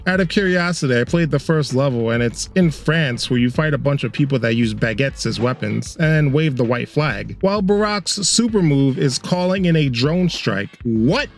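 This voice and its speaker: A man's voice: mid-range voice, expressive, normal speed, hardly any pauses. A man narrating a casual video game review, sarcastic and swearing often.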